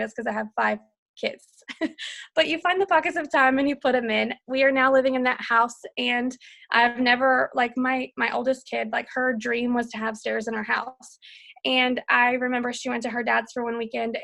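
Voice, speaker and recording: A woman's voice: on the high side, gravelly, a bit bright. A woman in her thirties, a team coach, sharing her story in a bubbly, gushing way on a group call, laughing often. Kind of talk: casual testimonial on a group call.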